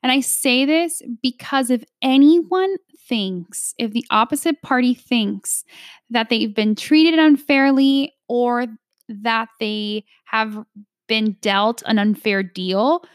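Emphatic woman coaching negotiation, fairly high voice. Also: slow pace, no room sound, studio quality. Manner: emphatic, coaching, frequent "right?" tags. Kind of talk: instructional talk to an audience.

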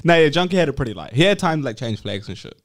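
Young Kiwi co-host, a teasing, laughing banter voice that sits slightly high. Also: male voice, big pitch swings, racing. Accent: New Zealand. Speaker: podcast co-host. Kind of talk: casual banter.

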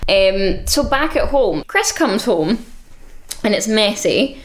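A woman chats casually, giggling often and rambling through her story with many filler words. Her voice sits at an ordinary middle pitch. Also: expressive, slow pace. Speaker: podcast co-host recapping a show. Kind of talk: casual chat.

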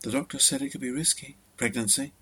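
A timid, doubting young woman in a wheelchair, voiced by a man reading a story, speaking in a hushed, pleading way. Her voice sits in an ordinary middle register. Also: mid-range voice, fairly even intonation, fast, husky. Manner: soft, hesitant and pleading.

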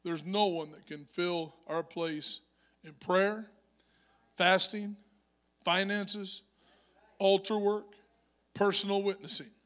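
A male pastor preaching a sermon in church, moving from conversational storytelling to shouted exhortation. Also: high-pitched, flat delivery, slow pace, pauses often. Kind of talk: Pentecostal-style preaching. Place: church sanctuary.

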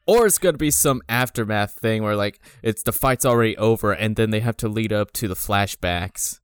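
A man's voice: lowish voice, normal speed, clear, resonant tone, no echo, studio quality. A man co-hosting a casual chat, laid-back and wry. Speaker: podcast co-host.

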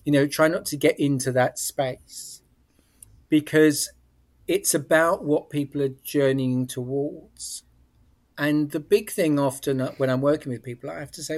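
A man's voice: a little high, measured pace. Thoughtful British man explaining his work. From England. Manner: thoughtful, explanatory, frequent restarts. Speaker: psychic medium guest. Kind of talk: casual interview chat.

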